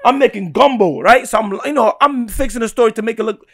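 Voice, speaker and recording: A young man from Guinea, a podcast guest telling a story in casual chat, animated and laughing, often checking in with "right?". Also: very high-pitched, quick pace, vocal fry.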